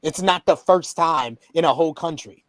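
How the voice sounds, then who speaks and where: Chatty guy cohosting a podcast, kinda high voice, dry close mic, laughs a lot. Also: normal speed, fairly bright tone, no room sound. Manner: chatty, laughs while telling stories. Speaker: podcast co-host. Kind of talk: casual chat.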